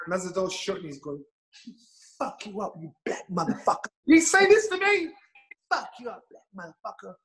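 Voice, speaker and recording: A middle-aged man tells an anecdote with a fairly high voice for a man. He is lively and blunt, swears freely and acts out each quote. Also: low-quality recording. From England. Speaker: guest storyteller. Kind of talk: anecdotal storytelling.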